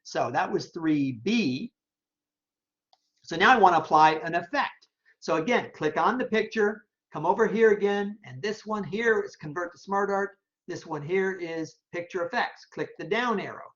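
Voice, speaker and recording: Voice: mid-range voice, normal speed, fairly bright tone. Chatty professor, thinking aloud, lo-fi recording. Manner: thinks aloud while clicking, repetitive checking; casual, chatty explaining with verbal tics. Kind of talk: screen-recorded software walkthrough. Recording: dull lo-fi recording.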